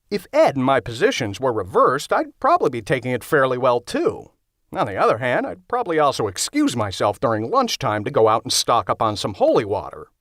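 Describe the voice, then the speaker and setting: A man's voice: medium pitch, fairly bright tone, no room sound. Wry male audiobook narrator. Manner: wry, sarcastic, conversational. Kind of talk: first-person comedic horror narration. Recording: dry close studio sound.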